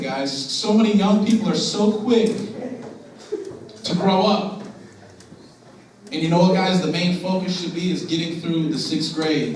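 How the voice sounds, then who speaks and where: A young man addresses students in an earnest, direct way, putting questions to the room. His voice sits slightly high for a man. It echoes heavily around a big school hall and sounds distant, with faint room noise underneath. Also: darkish tone. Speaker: motivational speaker. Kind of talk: school assembly talk. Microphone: distant from the recording device.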